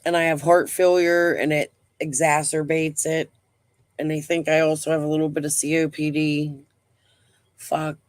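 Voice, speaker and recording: A woman's voice: sits low, little pitch movement, normal speed, no room sound. A middle-aged woman hosting a casual live stream. She talks bluntly, rambles, swears freely and breathes heavily.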